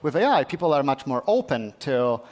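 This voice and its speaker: A man answering as a tech company guest in a live on-stage interview, earnest and halting, with many restarts and fillers. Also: medium pitch, very animated, a little mellow. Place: conference stage at a summit.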